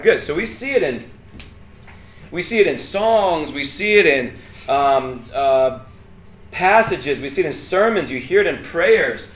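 A man's voice: medium pitch, a little hiss or hum. A man leading an interactive Bible class, asking the group questions and joking as he teaches. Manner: lively, asks the group questions, jokes and laughs. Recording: echoey room, faint ambience.

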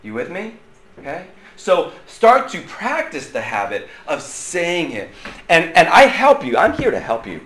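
A man's voice: a little high, huge pitch swings, a little slow, a bit bright. A man, a pastor teaching Sunday school in a playful, joking way, laughing often and sweating from the effort. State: sweating and loud from exertion. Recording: echoey room, faint ambience.

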